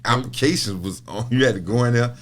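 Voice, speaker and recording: A man's voice: mid-range voice, fast talker. A middle-aged man talking as a podcast guest in casual conversation, telling stories with repeated words and frequent laughter. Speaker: podcast guest, prison minister. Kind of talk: casual interview talk.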